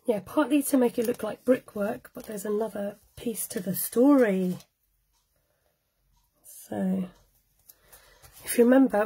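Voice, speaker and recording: A friendly woman talks viewers through a live cardmaking tutorial, chatting and laughing as she works. Her voice sits a little high but has a soft, mellow tone. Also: a little slow, creaky, pauses often, slightly rough, rough recording. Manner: chatty, laughs often, greets viewers by name. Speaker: cardmaking demonstrator. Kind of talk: live-streamed craft tutorial.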